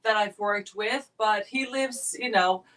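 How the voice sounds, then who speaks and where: A woman's voice: medium pitch, unhurried. A woman in her thirties with a transatlantic accent, telling stories as a guest in a casual chat and laughing often. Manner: animated storyteller, laughs often. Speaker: guest performer.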